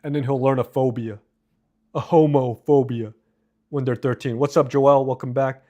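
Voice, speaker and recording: A man's voice: medium pitch, fairly even intonation, warm tone, highs cut off. Profane rambling male streamer. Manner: profane, rambling, quick asides. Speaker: live streamer. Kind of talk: casual live-stream chat, reading comments aloud.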